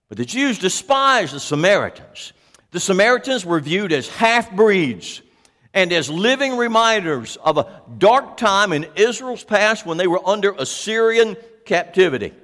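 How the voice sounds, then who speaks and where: High lively-voiced guy preaching slow and deliberate, long church-hall echo on him. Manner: animated, asks the congregation questions. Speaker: pastor. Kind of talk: sermon.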